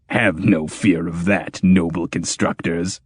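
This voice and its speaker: A man voicing a grim, exacting male tyrant king in an audiobook, booming and menacing. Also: fairly even intonation, slow, slightly rough, dry recording, studio quality, heavily acted. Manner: booming, menacing, laughs like thunder.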